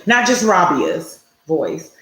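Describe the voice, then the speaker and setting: A woman's voice: fairly low pitch, huge pitch swings, slow, a bit bright. A woman co-hosting a casual talk show over a video call from her home office, with an encouraging, affirming manner. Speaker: co-host. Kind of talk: casual chat. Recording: roomy echo.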